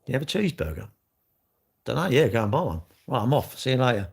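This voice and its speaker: A man's voice: mid-range voice, sing-song, quick pace, gravelly, breathy edge. An older man, chatting casually with viewers on a livestream, blunt and joking, swearing freely. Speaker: livestream host.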